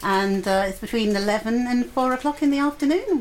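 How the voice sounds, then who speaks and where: A woman's voice: a little high, fairly quick, slight background noise, poor audio. A woman presenting a live radio show, chatting casually, laughing often and reading out listener messages.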